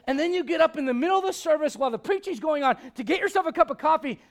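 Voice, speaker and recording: A male pastor preaching a blunt, confrontational sermon, swinging from loud outbursts to hushed intensity. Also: very high voice, expressive, rapid-fire, creaky, hardly any pauses.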